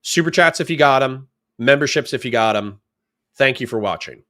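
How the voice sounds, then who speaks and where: A man's voice: mid-range voice, expressive, normal speed, a bit bright. A man giving blunt, sarcastic, profane commentary on a livestream while reacting to a video.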